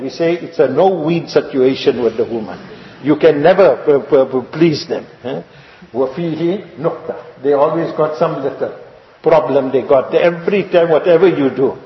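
A man preaching a sermon, telling stories and asking the congregation rhetorical questions, repeating his points. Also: a little high. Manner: rhetorical questions and repetition, storytelling. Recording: echoey lo-fi hall recording.

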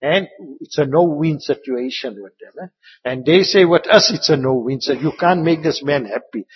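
A man giving an Islamic religious talk with stories, rambling and repeating words, sometimes dropping into soft asides. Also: a little high, normal speed, husky. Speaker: Islamic preacher. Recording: muffled, echoey hall.

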